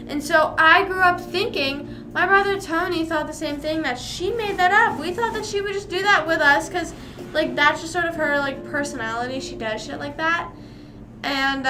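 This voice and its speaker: A high-pitched young woman chats casually with her stream audience, reading rhymes aloud and humming bits of them. Music plays clearly behind her voice. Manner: chatty, reads rhymes aloud to chat, sings snippets. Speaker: livestream host. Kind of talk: casual livestream chat.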